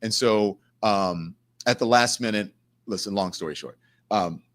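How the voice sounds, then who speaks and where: Indignant man telling a story. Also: on the low side. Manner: animated, indignant storytelling with quick asides to the chat. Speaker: host. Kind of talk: livestream commentary and storytelling.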